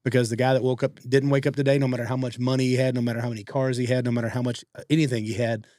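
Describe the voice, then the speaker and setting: A man talks at a brisk clip, telling a story on a podcast. He slips into other people's voices as he quotes them. The sound is close and dry, with no room echo. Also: mid-range voice. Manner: fast-talking, animated quoting of others. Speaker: podcast co-host. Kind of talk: casual storytelling.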